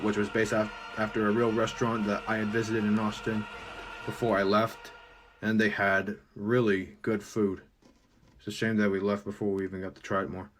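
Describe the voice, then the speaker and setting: A man's voice: on the low side, low-quality recording. A man casually commenting on his own old comic, rambling and poking fun at his mistakes. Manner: self-deprecating, rambling.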